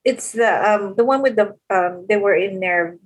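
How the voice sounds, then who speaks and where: A woman's voice: medium pitch, moderate pace. A middle-aged woman with a Filipino accent, the hosts' mother, answering questions in a casual podcast chat, hesitant and searching for words.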